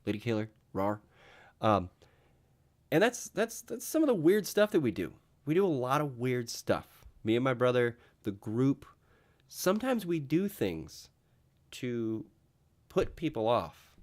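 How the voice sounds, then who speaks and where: A man's voice: mid-range voice, a little slow. Rambling young man hosting a talk show. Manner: rambling, animated, filler-heavy talk. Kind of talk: casual solo vlog monologue.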